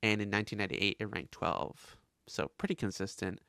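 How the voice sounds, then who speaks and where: A man hosting a casual podcast, recapping with animated delivery and quick asides. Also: on the low side, creaky, no room sound, studio quality. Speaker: podcast host.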